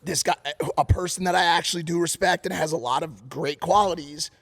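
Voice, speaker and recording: A man co-hosting a podcast, telling a rambling, profane story and loudly acting out the people he quotes. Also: fairly high pitch, fairly quick, gravelly. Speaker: podcast co-host. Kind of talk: animated storytelling.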